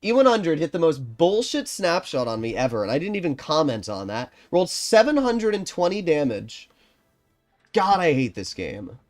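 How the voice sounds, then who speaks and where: Streamer, male, lively pitch, swings from quiet planning to loud swearing rants. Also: normal speed, faint music behind. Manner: frustrated ranting, swears often; quiet, low-key strategy talk. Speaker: gaming streamer. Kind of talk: live game commentary.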